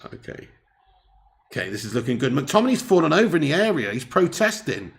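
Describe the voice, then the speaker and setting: Brief: a jokey man doing live football commentary, gravelly, a little high voice. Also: sing-song, a little fast. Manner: jokey banter, laughs often, chats with viewers. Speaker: host.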